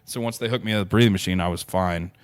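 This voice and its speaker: A man's voice: deep voice, racing. A man telling a personal story as a podcast guest, earnest and rambling, full of restarts and "you know".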